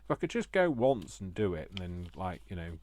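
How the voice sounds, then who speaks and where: A man's voice: sits low, very animated, a little fast, darkish tone. A man chatting to viewers while crafting, joking at his own expense. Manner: self-mocking, jokey asides to viewers. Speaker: craft vlogger.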